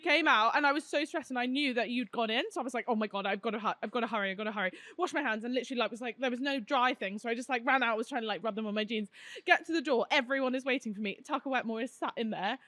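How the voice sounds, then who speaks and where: A woman co-hosting a podcast, telling an embarrassing story in excitable casual chat. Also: on the high side, quick pace, dry recording. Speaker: podcast co-host.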